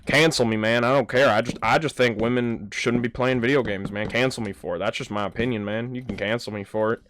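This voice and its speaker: A man's voice: medium pitch, steady tone, fairly quick, fairly bright tone, a little hiss or hum, lightly acted. A man voicing a stubborn young male gamer who drawls and keeps repeating "man" at the end of his lines. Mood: defiant.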